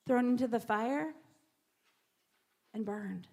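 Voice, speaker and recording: A woman's voice: on the high side, slow, darkish tone. A woman preacher giving a sermon in a church, repeating words and dropping to whispers for emphasis.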